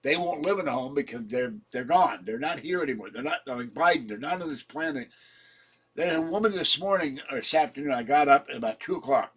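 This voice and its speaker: A man's voice: on the high side, animated, fairly quick, a bit bright, husky. A man giving a rambling home vlog monologue, ranting and often laughing. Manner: ranting, frequently breaking into laughter. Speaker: vlogger. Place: at home indoors.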